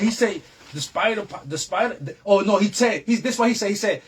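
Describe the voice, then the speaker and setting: A man's voice: high voice, fast, few pauses, fairly bright tone, breathy edge. A man, a guest telling a long story in a casual, streetwise way with heavy slang and repeated phrases. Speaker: interview guest.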